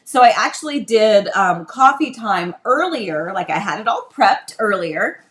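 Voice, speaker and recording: A middle-aged woman hosting a casual livestream from her home office desk, chatty and quick to laugh. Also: mid-range voice, sing-song. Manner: chatty, laughs often, coos to a toddler. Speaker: livestream host.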